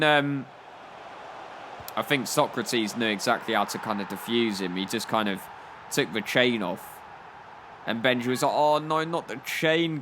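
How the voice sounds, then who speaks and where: A man's voice: mid-range voice, sharp tone, a little hiss or hum. A young man commenting on his football game, spinning rambling, jokey stories full of "like". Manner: rambling, jokey storytelling with frequent "like". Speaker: gaming YouTuber. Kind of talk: comedic gameplay commentary.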